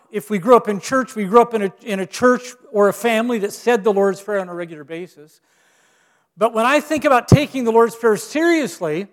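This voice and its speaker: Man, guest preacher, high voice, long reverb of a church hall, self-deprecating, restarts phrases. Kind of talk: sermon. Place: church sanctuary.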